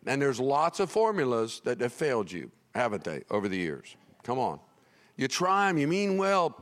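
A middle-aged male pastor telling a comic story in a sermon, animated and prone to sudden shouts. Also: high voice, measured pace, big-room sound.

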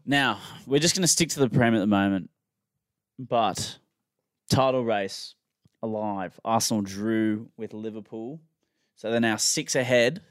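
Aussie guy rambling about the footy on a podcast, low smooth voice, dry sound. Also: measured pace, no echo. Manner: rambling, enthusiastic sports talk. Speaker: podcast host. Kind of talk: casual sports chat.

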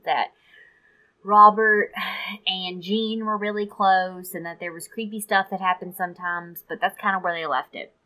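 A woman's voice: medium pitch, pushed and bright, low-quality recording. A woman co-hosting a podcast, retelling a story from her research in casual chat with asides. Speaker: podcast co-host.

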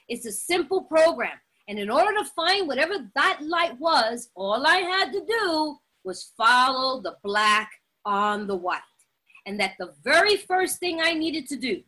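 A woman with a high, bright voice tells her personal story in an animated and dramatic way, stressing her words and laughing often. She speaks straight to her listeners, as at a recovery meeting. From Latin American heritage. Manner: laughs often while talking. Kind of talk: personal testimony talk.

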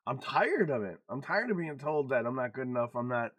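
A man's voice: medium pitch, sing-song, a little fast, a bit bright, no room sound. Frank, swearing man in his forties. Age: 40s. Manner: frank and confessional, swears freely. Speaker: podcast co-host. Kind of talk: casual podcast chat.

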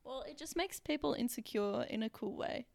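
A young woman co-hosting a casual podcast, with deadpan, ironic humour. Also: a little high, moderate pace, vocal fry. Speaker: podcast co-host. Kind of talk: casual chat.

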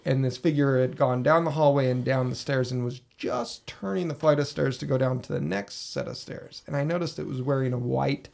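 Gravelly man telling a story. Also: mid-range voice, a little fast, hardly any pauses. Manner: animated, acts out his own reactions with swearing. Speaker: podcast host. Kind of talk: casual storytelling. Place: basement room.

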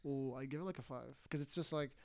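A man's voice: medium pitch, quick pace, vocal fry, a little mellow. A young man hosting a podcast in casual chat, talking in loose bursts full of fillers and uneasy laughs. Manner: chatty, many fillers, nervous laughs. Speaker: podcast host.

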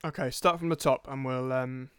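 Brief: young podcast co-host, jokey and sweary, dry close-miked sound. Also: male voice, mid-range voice, fairly even intonation, moderate pace, smooth, no room sound. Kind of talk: casual football podcast chat.

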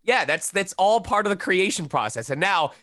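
Animated man explaining voice acting. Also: high voice, normal speed, no echo, studio quality. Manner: animated, demonstrates voices mid-sentence. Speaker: voice actor guest. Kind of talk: casual interview talk.

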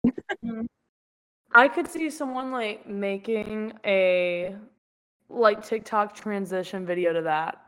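A woman's voice: mid-range voice, slow pace, pauses often, smooth. Giggly young woman telling rambling stories. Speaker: podcast co-host. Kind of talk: casual chat.

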